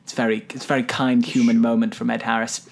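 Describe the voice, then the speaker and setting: A man's voice: mid-range voice, little pitch movement, fast, gravelly. A man casually recapping a film on a podcast, playful and rambling, often breaking into silly character voices. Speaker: podcast co-host.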